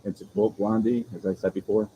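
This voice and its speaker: A man hosting a casual live stream from an outdoor coastal restaurant, chatting with viewers in a relaxed, rambling way. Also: fairly low pitch, a little fast, dull audio, slight background noise. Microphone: phone camera.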